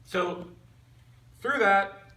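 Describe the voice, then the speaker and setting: A man with a bright, somewhat high voice tells his testimony to a men's group. He speaks earnestly and conversationally, heard from a distance in an echoey room. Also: drawn-out words. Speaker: man giving a personal testimony. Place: meeting room with a group listening. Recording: echoey room recorded from far off.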